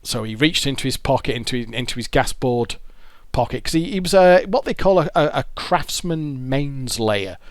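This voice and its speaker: A man's voice: medium pitch, lively intonation, moderate pace, dry recording, clean studio sound. A man tells a raw, confessional story to camera outdoors by a road. He swears often and stumbles over repeated words. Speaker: vlogger telling his own story.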